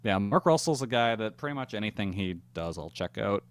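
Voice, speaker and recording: A man's voice: on the low side, lively intonation, a little fast, clean tone. A man co-hosting a podcast in casual chat, laid-back and laughing often. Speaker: podcast co-host.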